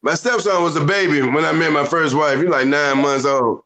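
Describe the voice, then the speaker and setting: Animated, lecturing male podcast co-host. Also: a little high, moderate pace, rough recording. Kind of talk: casual podcast chat.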